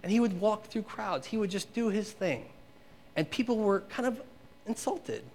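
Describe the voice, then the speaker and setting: A man's voice: high-pitched, expressive, moderate pace, a little mellow. A man preaching a conversational sermon to a congregation, asking them questions and acting out the quotes he reads. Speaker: pastor.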